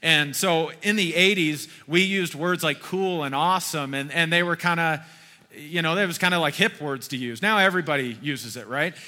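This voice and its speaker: A man in his forties delivers a sermon in a relaxed, folksy manner and keeps asking his listeners questions. His voice is very bright and sits a little high. Long reverb from a hall hangs behind him. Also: normal speed. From Kentucky. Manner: conversational, folksy preaching with rhetorical questions. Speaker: pastor.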